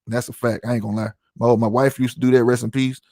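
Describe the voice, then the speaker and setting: A man's voice: medium pitch, flat delivery, fast, darkish tone, no room sound. A middle-aged man hosting his own podcast, ranting in a heated, profane, emphatic way to his live chat. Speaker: podcast host. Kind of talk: heated solo livestream rant.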